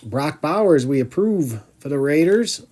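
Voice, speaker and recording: A man's voice: fairly high pitch, lively intonation, measured pace, a little mellow. A man hosting a live card break, chatting as he calls out each card and groaning when a pack comes up empty.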